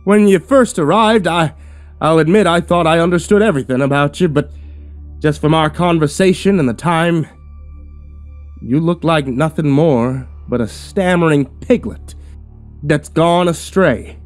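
A man voicing a sinister, persuasive male cult reverend who preaches in a booming, grandiose, taunting way, in a horror story reading. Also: measured pace, faint music behind, natural voice. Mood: mocking.

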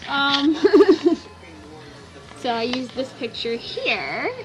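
A woman with a high voice rambles in a casual vlog, giggling and teasing herself as she loses her train of thought. Music plays clearly behind her. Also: lively intonation, very slow, low-quality recording. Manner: giggly, scatterbrained, self-mocking. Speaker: vlogger.

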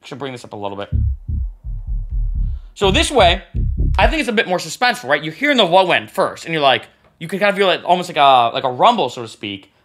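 A man giving a casual music production tutorial, talking as he clicks through software and often tagging lines with "right?". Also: fairly high pitch, very animated, quick pace. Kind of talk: screen-recorded software tutorial.

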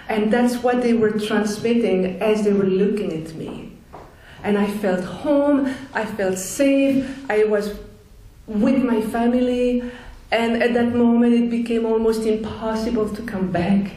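A woman telling the story of her near-death experience in an earnest testimony talk, slow and full of restarts and fillers. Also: a little high, steady tone, dark tone, very echoey, rough recording.

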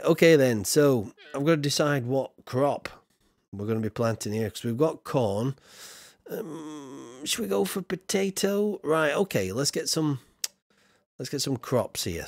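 A man's voice: mid-range voice, gravelly, darkish tone, dry recording, clean studio sound. A man streaming a building game, chatting casually and reading out his viewers' comments as he plays. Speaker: gaming streamer. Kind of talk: live-streamed gameplay chat.

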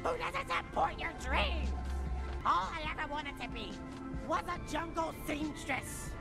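A rambling, oversharing alien. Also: female voice, high voice, expressive, unhurried, creaky, over loud music, full character voice. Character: oversharing, awkward alien woman. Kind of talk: video game voice acting.

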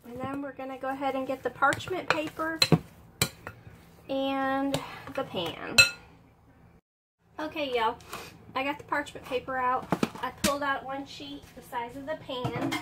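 A woman's voice: high-pitched, fairly even intonation, a little slow, pauses often, very noisy. A woman chatting folksily through a cooking demonstration in her home kitchen, sniffling a little from allergies. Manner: chatty, folksy, keeps saying "y'all".

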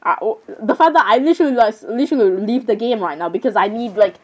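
A young female gamer with a somewhat high voice talks fast through casual gameplay commentary, giggling often and stumbling over words. She rambles, reacting with frequent "literally" and "I'm sorry" asides.

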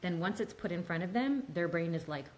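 A woman's voice: on the low side, expressive, fairly quick, a little mellow, slight background noise, poor audio. A woman counselor giving a casual, emphatic talk, often saying "like" and "right?". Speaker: mental health counselor.

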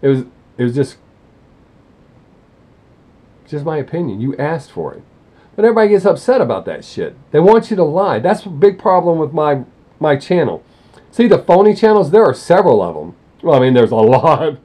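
Blunt, rambling man with a husky voice. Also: on the high side, sing-song, brisk, mellow. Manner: blunt, rambling, self-correcting. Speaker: music reaction channel host. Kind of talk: casual opinionated talk to camera.

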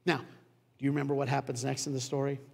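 Gravelly pastor preaching in an echoing hall. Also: male voice, medium pitch, little pitch movement. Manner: conversational storytelling with dramatic pauses. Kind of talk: sermon. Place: church sanctuary. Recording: long church hall reverb.

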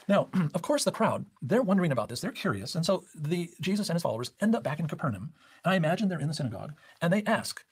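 Animated husky male Bible teacher. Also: a little high. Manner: explains step by step with rhetorical questions. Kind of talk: recorded Bible study lecture.

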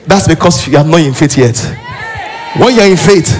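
A man preaching a sermon in a church. He is animated and often acts out characters. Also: on the high side, moderate pace. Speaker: pastor.

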